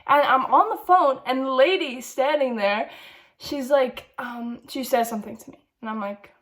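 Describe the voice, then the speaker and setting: A woman telling a casual diary vlog story, rambling and chatty, full of "like" and quick asides. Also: high voice, a bit bright. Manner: rambling, chatty, heavy use of "like". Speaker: vlogger.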